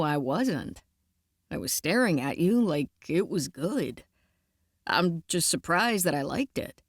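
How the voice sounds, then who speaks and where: Give me a relaxed, earnest young man in an audiobook, read by a woman. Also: lowish voice, no echo, clean studio sound, full character voice. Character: easygoing admiring young man.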